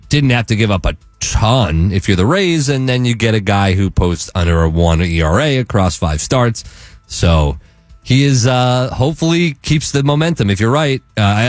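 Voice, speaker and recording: A man's voice: lowish voice, no room sound. A man co-hosting a sports radio show, teasing and playful with his partner. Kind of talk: casual sports radio banter. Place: radio studio. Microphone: studio mic.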